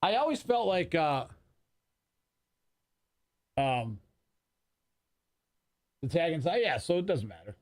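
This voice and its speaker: Man, 40s, radio show chat, cursing, rambling, animated pitch, slightly high voice. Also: takes it slowly, pauses often. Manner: profane, rambling banter with restarts. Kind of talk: casual chat.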